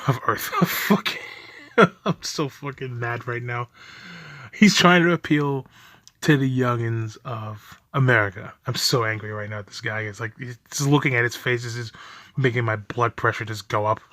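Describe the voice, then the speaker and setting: A man's voice: mid-range voice, a bit bright, no echo, studio quality. A young man giving angry reaction commentary on a video, ranting profanely and laughing bitterly as he talks.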